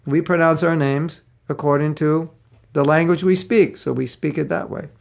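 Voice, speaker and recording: In a class setting, a man teaching a devotional lesson narrates stories and voices the people he quotes. His voice is gravelly and fairly high, with fairly even intonation at normal speed.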